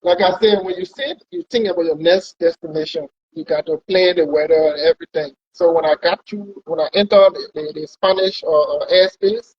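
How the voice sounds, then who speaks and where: A man with a high, husky voice tells his travel story in a loose, conversational way, circling back and repeating himself as he goes. The recording is dull and lo-fi, as if heard through a cheap mic. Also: fairly quick, hardly any pauses. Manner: rambling, repeats words while recounting. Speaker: pilot guest.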